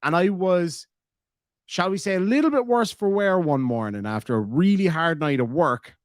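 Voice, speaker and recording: A man's voice: high voice, expressive, normal speed, dry recording. Rambling Irish man, dry close sound. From Ireland. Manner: rambling storyteller, swears freely. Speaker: streamer reading chat. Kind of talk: casual chat.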